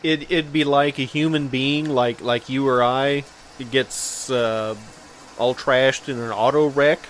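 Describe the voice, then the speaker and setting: A man co-hosting a podcast, calmly explaining and speculating in casual banter. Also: mid-range voice, measured pace, a little hiss or hum. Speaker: podcast co-host.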